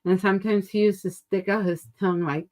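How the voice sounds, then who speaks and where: A woman in casual chat, telling stories in an animated way as a co-host on an online stream. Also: medium pitch, brisk. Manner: animated storyteller. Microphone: online stream call.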